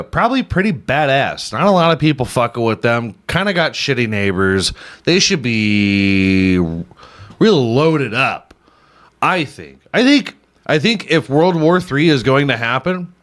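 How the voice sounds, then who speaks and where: A man's voice: mid-range voice, a bit bright. A man hosting a podcast, riffing casually and irreverently on news stories, swearing often and laughing at his own jokes. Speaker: podcast host.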